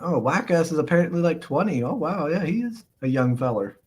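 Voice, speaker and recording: A man with a fairly high, animated voice, slightly quick, a bit mellow and husky, hosts a casual live stream. He reads chat out loud and rambles back with frequent chuckles and lots of "uh, let's see" fillers.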